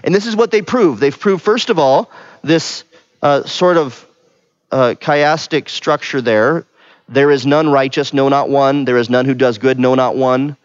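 A man's voice: mid-range voice, measured pace, no room sound. A middle-aged man preaching a conversational sermon, often stopping to ask questions and add "right?". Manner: conversational, asks the room questions, frequent "right?". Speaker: pastor. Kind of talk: interactive sermon teaching. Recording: dull, lo-fi sound.

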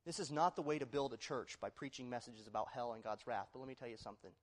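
A male pastor preaching a sermon, moving between loud, emphatic declarations and quiet, hushed appeals to the congregation. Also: mid-range voice, fast talker. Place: church sanctuary. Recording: long reverb of a large hall.

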